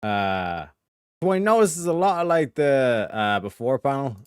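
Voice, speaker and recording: A man's voice: medium pitch, big pitch swings, normal speed, clean tone, no echo. Male streamer, casual profane rambler, dry close mic. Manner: rambling, profane, lots of filler phrases. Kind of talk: casual livestream chat.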